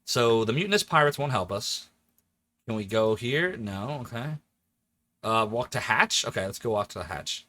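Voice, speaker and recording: Streaming a game, a forties-aged man from the Philadelphia area talks at a moderate pace with medium pitch. He keeps up lively, casual chat, laughs a lot, and hops from one joking voice to another.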